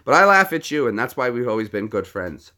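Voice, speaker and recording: A man's voice: medium pitch, sing-song, brisk, bright, forceful tone. Chatty man live streaming. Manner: chatty, rambling, talks to chat. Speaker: live streamer doing impressions. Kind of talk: casual live-stream chat.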